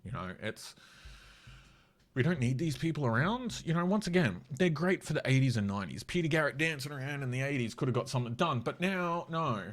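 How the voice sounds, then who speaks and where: A man's voice: medium pitch, animated, a little fast. An Australian man with a cold giving blunt, sweary, mocking commentary in a casual political rant. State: has a cold.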